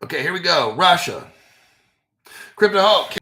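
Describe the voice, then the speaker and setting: Bright-voiced profane crypto host. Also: male voice, high voice, animated, measured pace, a little hiss or hum. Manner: profane, talks back to himself. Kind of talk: casual live commentary.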